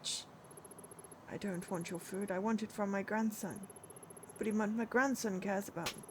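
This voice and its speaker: A woman's voice: mid-range voice, fairly even intonation, normal speed, background noise, natural voice. A woman reading a curt, proud old grandmother. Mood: dismissive.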